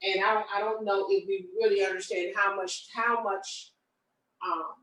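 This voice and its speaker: A woman co-hosting a relationship discussion, talking in a reflective, halting way and often repeating words. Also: mid-range voice, level tone, fairly bright tone. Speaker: co-host. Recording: roomy echo from a distant mic.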